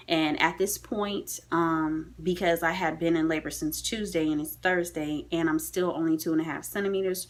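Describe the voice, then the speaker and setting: A young woman vlogging from a hospital room, candidly and emotionally telling the story of her labor. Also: fairly low pitch. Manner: emotional, candid, tearful at times. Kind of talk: personal storytelling vlog.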